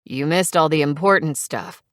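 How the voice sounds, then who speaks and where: Brief: a woman playing a calm, reassuring man doctor, low and even. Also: normal speed, no echo, clean studio sound, lightly acted. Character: calm male club doctor, kind and steady.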